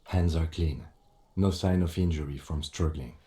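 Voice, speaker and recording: An actor playing a calm, methodical police lieutenant in a video game, speaking in a measured, clinical, composed way. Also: male voice, very deep voice.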